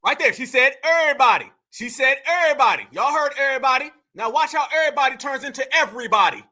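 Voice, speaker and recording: A man's voice: very high-pitched, lively intonation, fast, sharp tone. A man hosting a reaction commentary. He talks emphatically and mockingly, repeating his points straight to his audience. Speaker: commentary channel host. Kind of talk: reaction commentary on a played clip.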